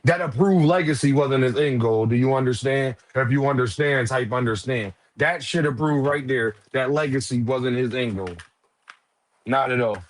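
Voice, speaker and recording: A man hosting a casual live boxing stream, loose and profane, teasing viewers and shouting out donors. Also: mid-range voice, moderate pace. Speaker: livestream host.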